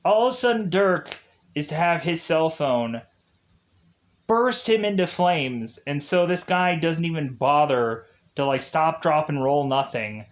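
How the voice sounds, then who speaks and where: A man's voice: fairly high pitch, lively intonation, a little slow. A man giving a casual, rambling film recap with frequent filler words, often laughing as he talks. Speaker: film reviewer.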